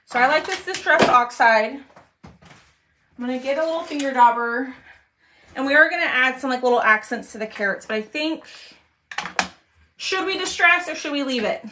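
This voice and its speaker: A woman's voice: sits high, normal speed, pauses often, noisy background. A woman, chatting casually with viewers while she crafts on a livestream, trailing off as she concentrates.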